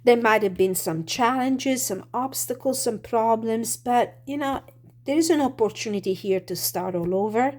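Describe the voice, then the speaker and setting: A woman giving a casual tarot reading, slightly hoarse, speaking thoughtfully with many fillers and restarts. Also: a little high, moderate pace, a little mellow. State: slightly hoarse, clearing throat. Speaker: tarot reader.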